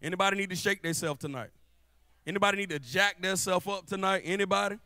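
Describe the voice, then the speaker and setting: A young man preaching a lively sermon in church. He jokes and calls out to the congregation in a casual, playful way. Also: sits high, fast, no room sound. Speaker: guest preacher. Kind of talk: lively church sermon with spoken-word rap. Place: church sanctuary before a live congregation.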